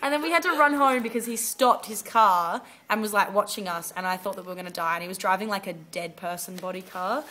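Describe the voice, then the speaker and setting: A woman's voice: lowish voice, a little fast, hardly any pauses. A young Australian woman telling stories in a casual chat among friends. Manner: chatty storyteller, animated quoting. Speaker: vlogger.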